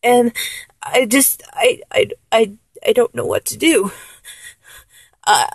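A woman in a one-sided audio role-play, talking in a halting, stammering, apologetic way. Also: sits high, sing-song, no echo. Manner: halting, stammering, with many restarts.

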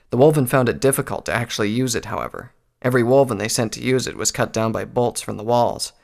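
A man reading a fantasy battle story aloud as narrator, in a steady storytelling manner. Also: mid-range voice, gravelly. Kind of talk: scripted narration of fan fiction.

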